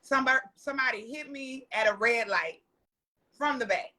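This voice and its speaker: Loud, bright-voiced animated woman storyteller. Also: high voice, moderate pace. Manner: loud, animated and profane, laughing often. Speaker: podcast guest. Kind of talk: casual storytelling chat.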